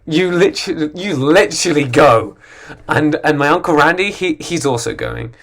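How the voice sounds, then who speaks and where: A man's voice: on the high side, normal speed, gravelly, fairly bright tone. A young man reading stand-up jokes for his channel, giggling and stopping to redo bits. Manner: giggly, self-interrupting, restarts bits. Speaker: beginner YouTuber doing stand-up. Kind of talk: casual stand-up reading with asides.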